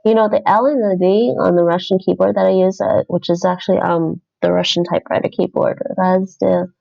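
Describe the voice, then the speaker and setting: A woman's voice: lowish voice, steady tone, fairly quick, creaky, dull audio. A woman streaming her language-app practice, chatting casually and thinking aloud as she corrects herself. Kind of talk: casual livestream commentary while doing app lessons.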